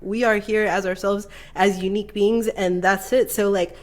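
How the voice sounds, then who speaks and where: A woman co-hosting a casual podcast chat, swearing freely, animated and quick to laugh. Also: medium pitch. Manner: profane, animated, laughs often. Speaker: podcast co-host.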